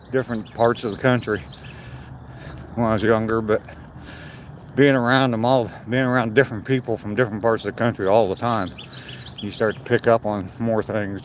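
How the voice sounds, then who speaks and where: A man's voice: fairly low pitch, slight background noise. Older man chatting on a walk. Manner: relaxed, rambling, greets viewers by name. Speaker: vlogger walking and reading chat. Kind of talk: casual chat on a live walk. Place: outdoors on a walk.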